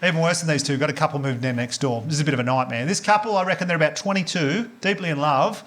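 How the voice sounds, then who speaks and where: A man with an Australian accent performing a stand-up set, telling crude stories in a dry, deadpan way. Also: fairly high pitch, fast talker. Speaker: stand-up comedian. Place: comedy club stage before a live audience. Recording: loud audience laughter and noise.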